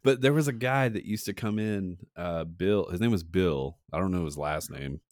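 A young man co-hosts a casual comedic podcast, telling rambling, funny stories, mocking ad voices, and laughing often. His voice is deep and moderately paced, recorded with clean studio sound and no echo.

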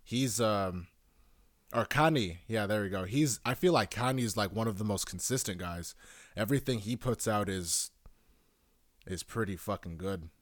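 A man's voice: lowish voice, normal speed, no room sound, studio quality. A young man hosting a solo podcast, rambling casually with lots of swearing and restarts. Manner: rambling, profane, self-correcting. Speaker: podcast host.

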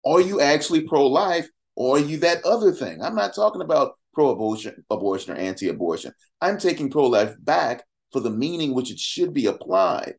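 A man's voice: fairly high pitch, big pitch swings, moderate pace, creaky, hardly any pauses. A man talking as a podcast guest in an impassioned, conversational way, firing off rhetorical questions between casual fillers and asides. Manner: emphatic, fires off rhetorical questions.

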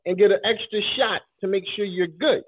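A man's voice: high-pitched, brisk, breathy edge, no room sound. A man hosting a casual chat show. He talks in a laid-back, slangy way and keeps saying "listen.". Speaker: host. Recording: tinny phone-like line with faint noise.

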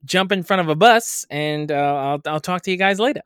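A man's voice: a little high, fairly quick, fairly bright tone, clear, resonant tone, no echo, clean studio sound. A man co-hosting a casual podcast, telling a story with lots of laughter and animation. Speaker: podcast co-host. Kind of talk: casual chat.

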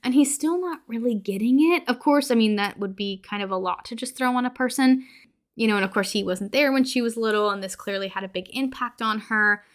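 A woman's voice: a little high, brisk. Woman, podcast host, casual movie recap, chatty, lots of fillers.

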